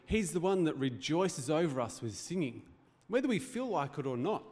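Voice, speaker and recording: A man's voice: fairly high pitch, sing-song, brisk, hardly any pauses, darkish tone. A man preaching a sermon as pastor, in a conversational, joking way with rhetorical questions. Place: church hall.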